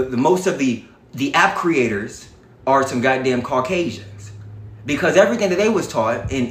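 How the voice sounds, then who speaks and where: A man's voice: mid-range voice, fairly bright tone, reverberant. A man giving an impassioned livestream lecture, talking to his viewers in an emphatic, profane and repetitive way. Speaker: livestream speaker on history.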